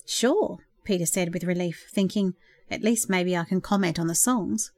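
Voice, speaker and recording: A woman reading a novel aloud in a gentle, expressive storytelling voice, softly acting out the dialogue. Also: fairly low pitch, normal speed, no echo. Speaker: audiobook narrator. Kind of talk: scripted narration.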